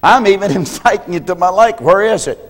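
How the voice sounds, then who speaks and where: An older man preaching a sermon as a pastor, telling folksy stories and often clearing his throat. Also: sits high, animated, fairly quick. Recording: reverberant church hall.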